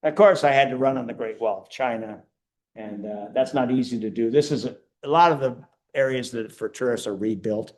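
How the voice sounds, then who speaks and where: Older male speaker, animated storyteller with a self-mocking streak, medium pitch. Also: brisk. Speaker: guest speaker. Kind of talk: storytelling talk to a church audience.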